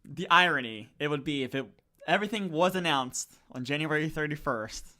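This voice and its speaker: A man's voice: fairly high pitch, animated, brisk, sharp tone. A man co-hosting a casual podcast, wry and swearing for emphasis. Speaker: podcast co-host.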